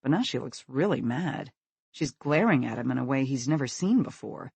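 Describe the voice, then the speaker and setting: Male audiobook narrator, expressive and husky, dry close recording. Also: medium pitch, normal speed, dry recording.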